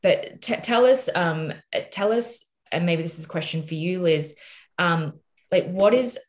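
A woman's voice: on the low side, animated, unhurried. A woman with an Australian accent co-hosting a podcast interview, chatty and enthusiastic, with fillers and restarts. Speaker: podcast co-host.

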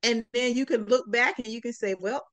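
A woman's voice: on the high side, brisk. A woman guest on a podcast chatting casually, with a sarcastic, comical way of telling stories and acting out quotes. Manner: animated, lots of acted-out quotes. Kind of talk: casual interview chat.

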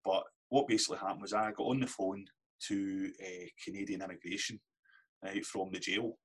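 Brief: Scottish man, low husky voice, candid anecdotal guest. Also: fairly even intonation, normal speed. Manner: candid anecdotal storyteller, swears casually. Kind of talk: casual storytelling interview.

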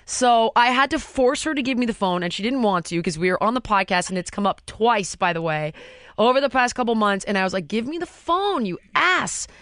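A woman hosts a podcast in a casual, unfiltered way, swearing freely as she tells stories. Her voice sits at an ordinary middle pitch. The sound is dry and close, with no room echo. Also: lively intonation, brisk. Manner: frank and blunt, swears freely, storytelling. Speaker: podcast host and mother. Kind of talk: candid casual podcast chat. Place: podcast studio.

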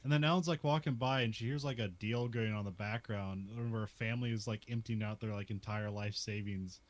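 A man with a lowish, steady voice recaps a western movie scene by scene at a brisk clip, with no room sound. He laughs often and says "like" a lot.

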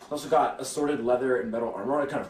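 A man's voice: medium pitch, fairly even intonation, darkish tone, a little hiss or hum. A young man narrating a tabletop game as game master, stumbling over restarts and fillers. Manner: halting, many restarts and fillers. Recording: echoey room with faint music.

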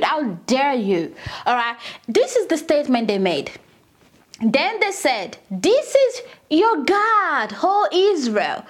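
A woman leading a casual Bible study, retelling scripture with animated, indignant asides. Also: sits high.

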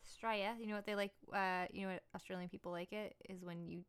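A woman's voice: on the low side, flat delivery, quick pace, smooth. A young woman hosting a podcast, telling stories in a playful, rambling, giggly way. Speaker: podcast host and musician. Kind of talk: casual chat.

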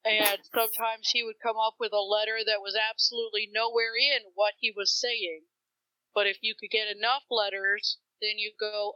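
A woman's voice: medium pitch, flat delivery, moderate pace, no echo. A woman, a mother, telling wry stories in casual chat. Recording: dull, dry sound.

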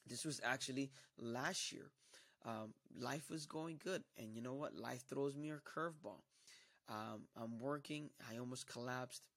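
Gravelly man giving an emphatic testimony. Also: mid-range voice, unhurried, fairly bright tone. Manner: emphatic storytelling, acting out quoted dialogue. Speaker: church member giving a testimony. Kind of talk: personal testimony.

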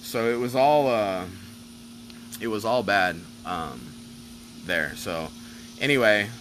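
A man casually telling a personal story, animated and profane, rambling with lots of fillers. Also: on the low side, takes it slowly, noisy background.

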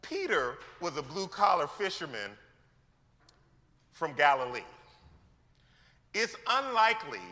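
A male pastor preaching a sermon in an animated, slangy way, acting out scripture scenes as he goes. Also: fairly high pitch. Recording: long hall reverb.

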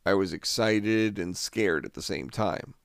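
A man in his forties recounts a personal story in a deep, low register, frank and now and then wry. His voice carries a gravelly fry. The sound is dry and close, with no room around it. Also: a little slow, no room sound. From Albany, New York. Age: 40s. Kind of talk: first-person true-story narration.

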